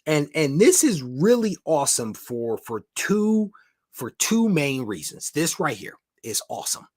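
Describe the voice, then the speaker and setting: A man's voice: a little high, big pitch swings, measured pace, a little mellow, no echo, clean studio sound. A man hosting a comic collecting live stream, chatting casually, greeting viewers by name and laughing often.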